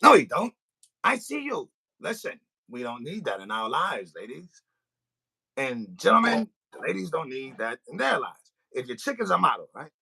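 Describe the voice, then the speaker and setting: A man's voice: on the high side, wildly swooping pitch, normal speed, vocal fry, bright, forceful tone, slightly rough. A man hosting a podcast, telling a comic story in a rant and acting out both sides of a phone call. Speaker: podcast host. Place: recording studio.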